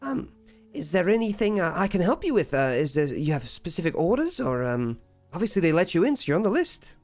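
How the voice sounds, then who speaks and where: A man voicing a friendly small female goblin secretary who chats warmly. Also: high-pitched, very animated, fairly quick, soft background music, pitched above the performer's own voice.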